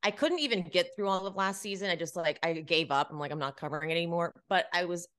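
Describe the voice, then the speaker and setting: A woman's voice: lowish voice, fast talker, fairly bright tone, smooth. Woman cohost gossiping, chatty, agrees a lot. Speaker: podcast co-host. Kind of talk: casual gossip chat.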